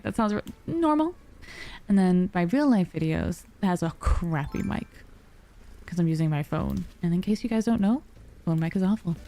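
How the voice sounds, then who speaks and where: A woman streaming live, chatting in a soft, sleepy, unhurried way. Her tone is mellow and dark, with a light gravelly fry at the ends of phrases. She sits close to a dynamic mic. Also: fairly low pitch. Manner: soft, sleepy and calm, yawning. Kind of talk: relaxed live-stream chat. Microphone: dynamic studio mic.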